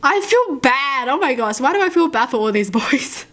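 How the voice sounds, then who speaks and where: A woman with a hoarse voice from a sore throat, chatting and giggling as she reads stories aloud and reacts to them. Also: sits high, animated, a little fast. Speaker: reaction video host. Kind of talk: casual reaction vlog, reading stories aloud.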